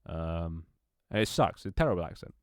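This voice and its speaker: This is a young man with a very low voice, rambling to his stream audience. He swears casually and trips over his words as he goes. The sound is dry and close. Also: expressive, a little fast, clean tone, no room sound. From London, England. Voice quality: swears casually, many restarts and laughs. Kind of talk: casual chat with stream viewers.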